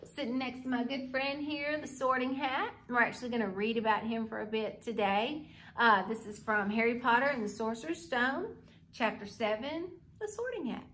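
A woman's voice: on the high side, normal speed. Upbeat woman hosting a kids' club. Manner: upbeat, kid-friendly, animated. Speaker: librarian hosting a children's club. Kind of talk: reading aloud and craft demo for kids.

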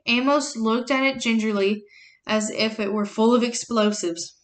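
A woman reading a novel chapter aloud as a teacher, plain and unhurried, correcting herself and adding short explanations. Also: fairly high pitch, fairly even intonation.

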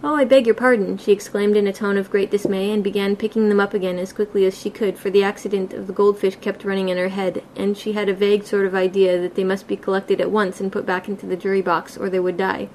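A woman reading a classic children's book aloud for a homemade audiobook. Her delivery is plain and unhurried, with occasional small stumbles. A faint hiss sits underneath. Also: mid-range voice, completely flat delivery, a little mellow, low-quality recording. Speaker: audiobook reader.

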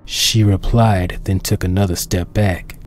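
Deep-voiced man narrating a dark story. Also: steady tone, unhurried, slight background noise. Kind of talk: reading his own dark fan story aloud.

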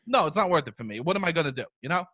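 A man, hosting a podcast in casual chat, loud and profane, telling animated stories. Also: on the high side, racing. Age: 30s. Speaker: podcast host.

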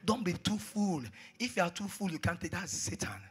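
A man preaching a sermon, repeating phrases and swinging between hushed asides and shouted exhortations. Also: sits high, normal speed, breathy edge.

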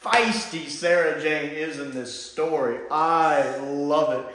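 A man's voice: on the high side, takes it slowly, fairly bright tone. A man giving an enthusiastic, casual solo video review and laughing often. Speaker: TV show reviewer. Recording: very echoey room.

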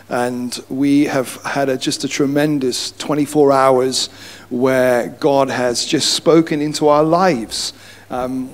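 A man leading a church gathering, welcoming a guest speaker in an enthusiastic, encouraging way. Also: medium pitch. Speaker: church leader introducing the speaker. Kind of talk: welcome address.

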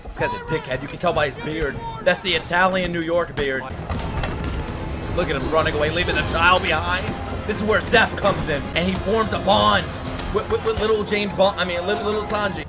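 A man hosting a reaction video, excitable, laughing often and swearing freely as he comments. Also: high-pitched, brisk, over music. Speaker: reaction channel host.

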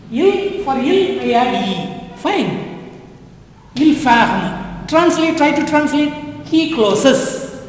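High, lively woman teaching slowly in an echoey room. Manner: repetitive, coaxing learners to translate. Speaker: French teacher. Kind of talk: classroom-style language lesson. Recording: echoey room with long reverb.

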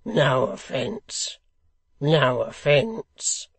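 Guy reading as a grovelling hangman, slow and husky, wheedles every line. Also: mid-range voice, expressive, dry recording, exaggerated voice. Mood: wheedling. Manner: ingratiating, conciliatory, louder and slower. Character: shabby fawning hangman, wheedling middle-aged man.

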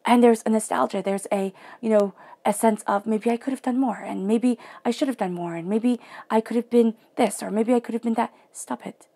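A woman giving a guided tarot reading in a soft, emotional way, often dropping into near-whispers. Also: fairly high pitch, fairly quick, creaky, few pauses, breathy edge. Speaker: tarot reader.

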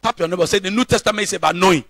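A man's voice: high-pitched, very fast, a bit bright, no echo. A male pastor preaching a sermon, emphatic, repeating points and calling out questions to the congregation. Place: church.

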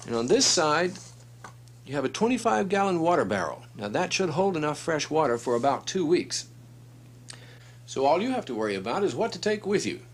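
A man's voice: fairly high pitch, big pitch swings, a little fast. A man giving a friendly, explanatory introduction to a children's book. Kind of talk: casual spoken introduction.

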